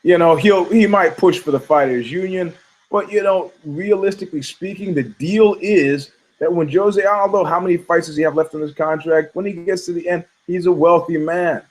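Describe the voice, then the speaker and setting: A middle-aged man, a podcast co-host, talking casually and with strong opinions, telling animated stories and acting out the people he quotes. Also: on the high side, normal speed, rough recording. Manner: animated storytelling, acts out quoted voices, frequent laughs.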